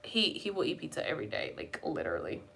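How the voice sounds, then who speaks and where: A woman's voice: a bass voice, wildly swooping pitch, fast, creaky, pushed and bright, slightly rough. A young woman live-streaming at home, chatting with viewers in a rambling, casual way and swearing now and then. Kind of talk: casual chat.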